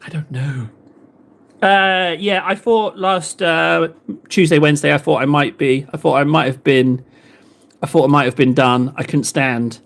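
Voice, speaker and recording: A man's voice: fairly high pitch, fairly even intonation, normal speed, vocal fry, a bit bright. An English man in his thirties, chatting casually with viewers on a livestream in a rambling, playful way, full of rhetorical questions. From England. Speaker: livestream host painting miniatures.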